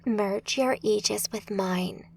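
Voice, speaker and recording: Woman narrator doing a calm, capable mage ally, hushed and slow. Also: mid-range voice, vocal fry, breathy edge, full character voice.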